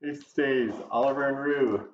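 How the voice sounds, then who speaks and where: A man runs a tabletop game at the table, relaxed and casual, chuckling between rulings. The room echoes and the audio is dull, with a faint hiss underneath. His pitch sits in an ordinary middle range. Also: a little slow. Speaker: game master. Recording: roomy, dull home recording with faint noise.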